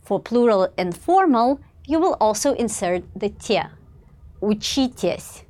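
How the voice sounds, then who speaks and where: A woman narrating a scripted language lesson, reading each rule in a measured way and pausing after every example word. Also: a little high, sing-song, dark tone. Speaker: language teacher.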